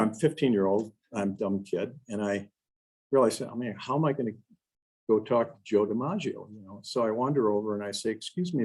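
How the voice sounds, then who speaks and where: Husky older man telling stories. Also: fairly low pitch, low-quality recording. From Wisconsin. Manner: animated storyteller, acts out quotes, frequent "you know" and restarts. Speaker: guest speaker. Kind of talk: storytelling talk to a club.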